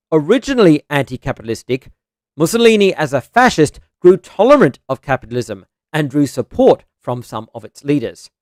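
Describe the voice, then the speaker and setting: A man reading a scripted narration in a somewhat higher voice, steady and measured. He reads each cited passage aloud and marks where the quote starts and ends. The sound is close and dry, with no room around it. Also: no echo.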